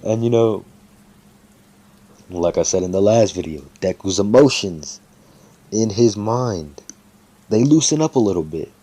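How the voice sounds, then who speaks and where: A man's voice: lowish voice, lively intonation, unhurried, pauses often, mellow. A man casually making up and telling a fan story, rambling with lots of fillers and swearing freely.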